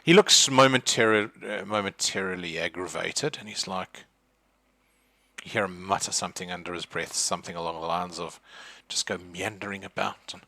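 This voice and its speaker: A man's voice: low-pitched, moderate pace, pushed and bright, no room sound. A man narrating as game master, loose and hesitant with many fillers. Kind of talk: narrating a tabletop horror game.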